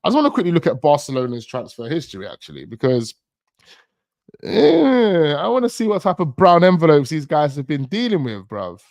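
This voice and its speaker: A man's voice: on the high side, very animated, fast, hardly any pauses, dry recording. A man hosting a football channel, talking in a rambling, slangy way with chuckling asides. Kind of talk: casual live-stream chat.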